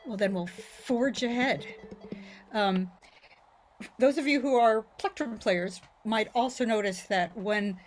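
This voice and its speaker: In an online class over a video call, a woman teaches Irish mandolin tunes, her voice fairly high and slow with a little hiss or hum. She explains phrasing casually, singing syllables and often checking in with "right?" while mandolin plays in the background.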